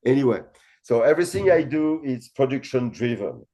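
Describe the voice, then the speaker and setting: A man's voice: medium pitch, expressive, normal speed, dark tone. A middle-aged man from France with a French accent, a winemaker guest talking casually with many fillers and blunt swearing. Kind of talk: casual interview chat.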